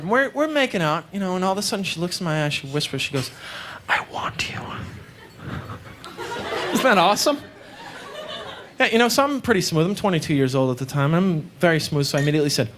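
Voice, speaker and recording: A man performing a stand-up comedy set in a club, telling self-deprecating stories with deadpan asides. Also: high voice. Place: comedy club stage with live audience. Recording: live club recording, loud crowd and noise.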